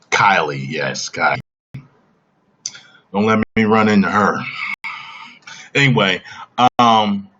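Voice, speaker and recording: A man with a very deep, low voice chats on a livestream. He talks emphatically, keeps checking in with "okay?", and sounds dull and lo-fi. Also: a bit bright. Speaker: livestream host. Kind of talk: casual livestream chat.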